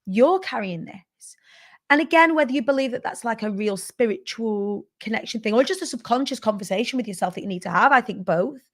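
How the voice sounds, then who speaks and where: A woman's voice: a little high, lively intonation, fast talker, few pauses. Woman hosting her show, chatty and candid, lots of "like" and "right?", swears casually. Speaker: host. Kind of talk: personal storytelling monologue.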